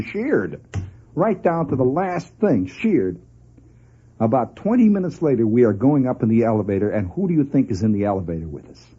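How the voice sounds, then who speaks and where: A man telling a long story on the radio in an animated, conversational way, often laughing as he goes. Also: mid-range voice, husky. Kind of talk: spoken storytelling monologue. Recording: dull lo-fi old radio recording.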